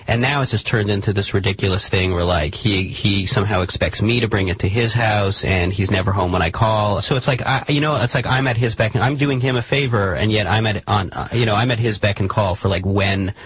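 A man's voice: lowish voice, fairly quick, few pauses, a bit bright. A man in an improvised comedy sketch, talking in a hesitant, flustered, stammering way. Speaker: comedic performer.

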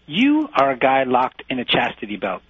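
A man's voice: medium pitch, huge pitch swings, normal speed, slightly rough, no room sound. A man in an improvised comedy sketch, pushing a friend to use a Brooklyn accent with brash, insulting, rambling tirades. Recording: dry, phone-like lo-fi recording.

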